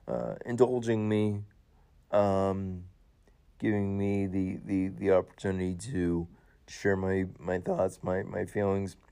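A man hosting his show, giving an emotional personal tribute, halting with many fillers and restarts, his voice rising as he gets choked up. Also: fairly low pitch, vocal fry, a little mellow. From United States. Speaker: show host.

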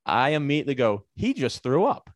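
A man's voice: medium pitch, brisk, dry recording. A man casually telling a comic, profane story on a podcast, acting out the people in it. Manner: animated, profane, acts out quoted voices.

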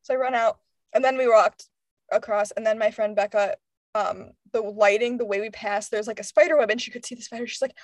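A brisk woman in her twenties, her voice on the high side, shares a story in casual chat with no room sound. She brings it to life by mimicking her friends and laughs frequently.

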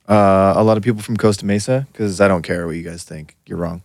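Sarcastic low-voiced podcast man. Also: steady tone, a little mellow, no room sound, clean studio sound. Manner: sarcastic, quick comebacks. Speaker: podcast co-host. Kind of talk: casual chat.

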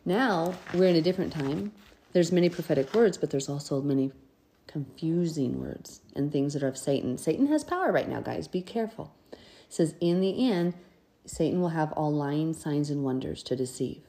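A woman's voice: sits low, lively intonation, moderate pace, dark tone. A woman hosting a podcast, reading scripture and commenting in an earnest, conversational way. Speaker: podcast host.

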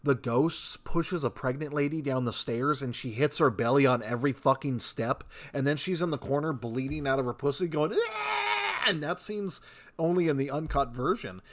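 Man, podcast co-host, casual chat, laid-back, stammers and swears, mid-pitched voice. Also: normal speed, a little hiss or hum.

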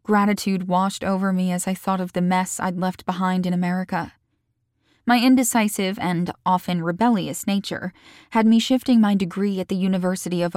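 A woman reading her own novel aloud in a calm, measured first-person audiobook narration. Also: lowish voice, no echo, studio quality.

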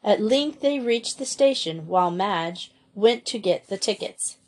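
A woman narrating a storybook, measured and expressive. Her pitch sits in a middle range. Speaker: audiobook reader.

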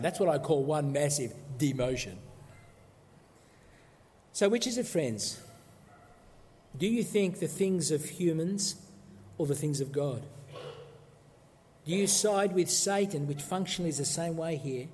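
A man preaching a sermon emphatically, posing rhetorical questions and dropping low for solemn points, recorded in a church. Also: animated, a little slow, long pauses, darkish tone. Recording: long echoey hall reverb.

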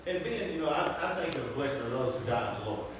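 A man's voice: medium pitch, expressive, fast. A man speaks up from far off in a very echoey, noisy room. He comments emphatically in a Bible class discussion and repeats his key phrases like a preacher. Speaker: class member.

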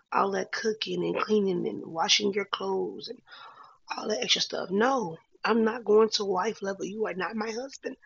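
A woman's voice: mid-range voice, vocal fry, breathy edge, no room sound, muffled recording. A woman talking candidly to her viewers in a casual vlog, encouraging and full of slang. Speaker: vlogger. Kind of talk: casual heartfelt talk to camera.

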